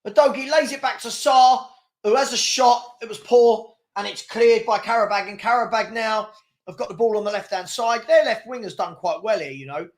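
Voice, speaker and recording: A man's voice: high voice, normal speed. A man, hosting a live fan watchalong, calling the match and reading the chat with exasperated, laughing commentary.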